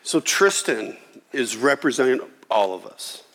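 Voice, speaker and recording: Pastor preaching in a reverberant hall. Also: male voice, mid-range voice, unhurried. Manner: animated preaching with acted voices of Jesus and God. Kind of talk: sermon.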